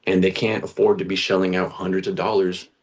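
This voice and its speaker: A young man with a very low voice tells his acting story in a relaxed interview. He is chatty and earnest, restarts his sentences often and drops casual slang. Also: fairly quick. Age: young adult. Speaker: guest, actor.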